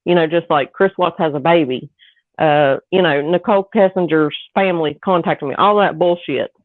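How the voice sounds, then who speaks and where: A woman's voice: low voice, moderate pace, no echo. A woman with a Southern US accent chatting casually on a livestream, rambling and mimicking other people. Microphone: phone or call audio. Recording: tinny dry phone-line sound.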